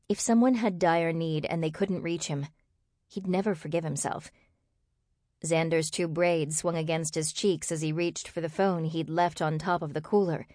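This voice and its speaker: A woman reading an audiobook in steady, expressive narration. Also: sits low, dry recording, studio quality. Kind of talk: scripted narration.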